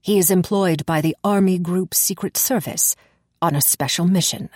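A woman reading the part of a pale, nervous male spy clerk, speaking in a measured, grim, confiding way. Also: on the low side, darkish tone, no echo, clean studio sound, close to an everyday voice.

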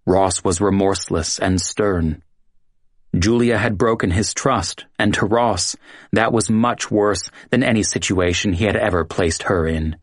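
A man's voice: low voice, measured pace, no echo, studio quality. Man narrating a dramatic story.

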